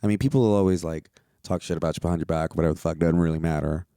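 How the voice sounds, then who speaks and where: A man, a stand-up comedian hosting his own podcast, rambles through a casual, profane monologue and now and then jumps into playful high-pitched outbursts. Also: steady tone, very fast, mellow, no room sound, clean studio sound.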